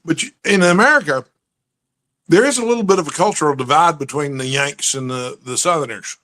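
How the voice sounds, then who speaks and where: A man's voice: on the high side, brisk, bright, forceful tone. Chatty man hosting a casual talk. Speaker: host. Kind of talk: casual chat.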